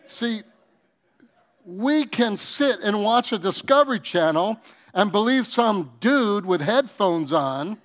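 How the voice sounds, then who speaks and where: Animated preacher, higher voice, unhurried. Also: male voice. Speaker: pastor. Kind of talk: sermon.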